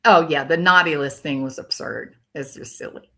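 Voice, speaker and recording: A woman's voice: low voice, normal speed, pushed and bright. An older woman hosting a casual true crime commentary livestream, ranting and reacting to viewer comments as they come in.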